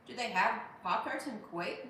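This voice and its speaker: A woman's voice: medium pitch, lively intonation, brisk, bright, forceful tone, distant mic. A chatty woman comedian hosts a casual livestream, rambling between viewer comments. Her voice sits back from the mic in a very echoey room. A faint hum runs underneath. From Pittsburgh. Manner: chatty and rambling, with many restarts. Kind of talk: casual live chat, reading viewer comments aloud.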